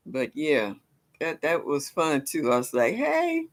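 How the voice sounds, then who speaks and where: An older woman, hosting a casual live stream and chatting with her viewers. She laughs often, and her voice leaps high whenever she greets someone. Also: measured pace. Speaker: livestream host.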